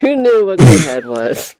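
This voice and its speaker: A woman's voice: lowish voice, dark tone, no echo, rough recording. A woman co-host telling raunchy comic stories, laughing often and talking crudely. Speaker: co-host and bartender. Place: virtual reality social app.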